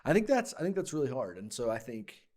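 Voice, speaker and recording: A man's voice: mid-range voice, very animated, quick pace, darkish tone. A male church leader in a casual sermon discussion, thinking aloud as he talks and often restarting his sentences.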